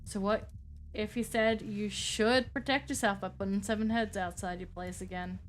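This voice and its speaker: A woman's voice: medium pitch, fairly even intonation, moderate pace, faint music behind, close to an everyday voice. A woman doing a folksy cowboy therapist with a Western drawl. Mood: reassuring. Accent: put-on American Western.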